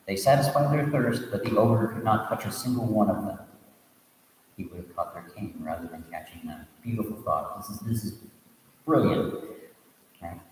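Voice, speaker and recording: A low-voiced man reads a teaching story as a sermon, breaking off for asides and restarting lines. His voice comes from a distant mic in a room full of long, echoing reverb. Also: a little mellow, a little hiss or hum. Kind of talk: storytelling sermon reading a Buddhist tale.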